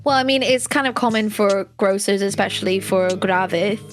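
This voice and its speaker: A woman's voice: medium pitch, normal speed, soft background music. A woman running a tabletop game, narrating in a casual, chatty way with lots of fillers and swearing. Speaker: game master.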